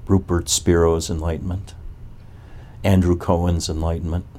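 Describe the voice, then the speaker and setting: Deep mellow guy teaching spiritual stuff to a group, keeps firing questions at them. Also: little pitch movement, moderate pace, a little hiss or hum. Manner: probing, asks rhetorical questions. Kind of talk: spiritual talk to a gathering.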